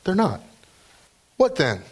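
A man's voice: sits high, huge pitch swings, slow, breathy edge. A man preaching a sermon, emphatic and repetitive, building to fervent peaks.

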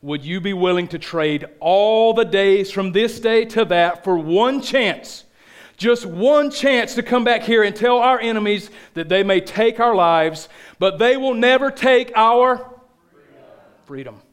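A man with a thick Southern accent voicing a defiant Scottish warrior leader in a put-on Scottish accent, slow and stirring. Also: sits high, clear, resonant tone, pitched above the performer's own voice. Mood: rallying. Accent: mock Scottish, put on.

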